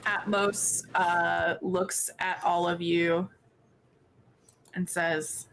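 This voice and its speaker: A woman narrating as dungeon master of a tabletop game, casual and quick with jokes. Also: fairly low pitch, level tone, creaky, fairly bright tone, slight background noise, poor audio.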